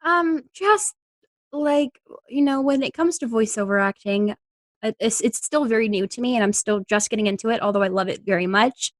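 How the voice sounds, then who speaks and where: A woman's voice: a little high, normal speed, no room sound. A young woman from Long Island, a voice-over actress, chatting casually in an interview, giggling often and slipping into playful voices. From Long Island, New York.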